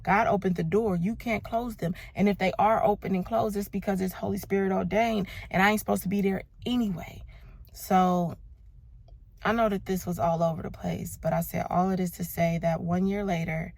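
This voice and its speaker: A woman's voice: medium pitch, steady tone, fairly quick, vocal fry, few pauses, darkish tone. A woman in her thirties from Los Angeles, talking casually and emphatically about her faith and her year, calling listeners "baby" and "y'all". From Los Angeles, United States. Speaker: vlogger.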